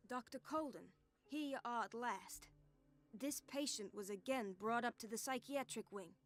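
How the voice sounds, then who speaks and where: Actress as a brisk game nurse, formal and officious, somewhat high voice. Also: female voice, lightly acted. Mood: briefing.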